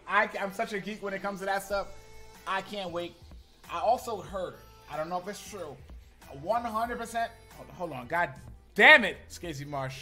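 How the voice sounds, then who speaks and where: A male streamer around his thirties, chatting casually and with lots of slang. His voice sits slightly higher than most men's, and he keeps turning to address his viewers directly. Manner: animated, slangy, talks to chat. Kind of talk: casual live-stream chat.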